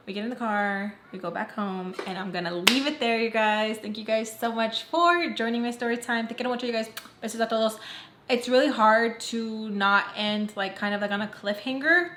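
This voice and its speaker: A woman's voice: on the high side, a little fast, fairly bright tone. A woman vlogger telling a personal story to her viewers in a chatty, dramatic way. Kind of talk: casual storytime chat. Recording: echoey room with faint noise.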